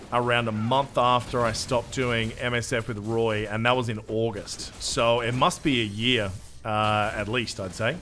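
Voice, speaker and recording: A man's voice: mid-range voice, a bit bright, a little hiss or hum. An Australian man streaming a game, chatting casually with his viewers in a jokey, self-mocking way and swearing freely. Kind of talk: live gameplay commentary, reading chat.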